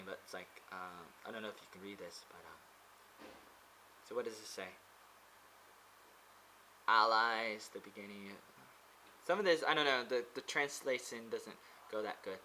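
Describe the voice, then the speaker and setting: Rambling, bright-voiced man vlogging. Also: fairly low pitch, measured pace, pauses often, a little hiss or hum, poor audio. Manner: hesitant, many fillers and restarts. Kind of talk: rambling casual monologue. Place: pagoda.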